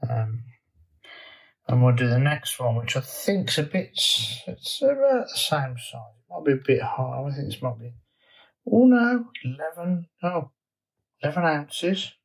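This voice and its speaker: A man's voice: mid-range voice, big pitch swings, normal speed, low-quality recording. A man vlogging from his garden, chatting casually and thinking aloud with fillers and restarts. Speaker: allotment vlogger. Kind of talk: casual chat to camera.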